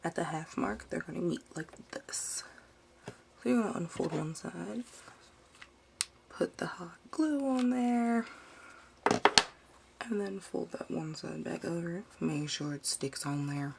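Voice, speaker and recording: A woman's voice: low voice, moderate pace, creaky, a little mellow, slight background noise. A young woman with a Baltimore accent and a Southern drawl, chatting through a craft tutorial at home and getting sidetracked. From United States. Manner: chatty, easily sidetracked, uses "y'all". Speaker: DIY vlogger.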